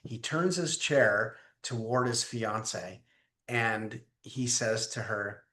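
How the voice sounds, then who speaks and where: A man's voice: on the low side, slow. A man, a guest leadership teacher, telling stories in conversation and acting out the voices of the people in them. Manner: animated, acts out voices in his stories. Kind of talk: conversational storytelling. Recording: roomy echo.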